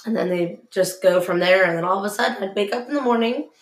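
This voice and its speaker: A woman's voice: mid-range voice, quick pace, echoey room. A woman in casual chat, blunt and sassy, swearing freely.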